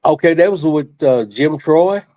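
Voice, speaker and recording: A man's voice: on the high side, animated, unhurried, dark tone, dry recording. An older man, a retired wrestler, tells a long story as a guest in a studio interview. He rambles and stresses his points, restarts often and repeats his phrases.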